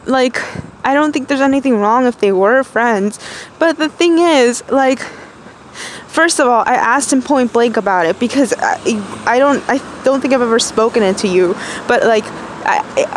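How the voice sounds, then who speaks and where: Young woman, upset voice-diary confession, halting and rambling; slightly high voice, noisy outdoor phone recording. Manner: rambling, upset, halting with many fillers and restarts. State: miserable. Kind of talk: personal voice diary.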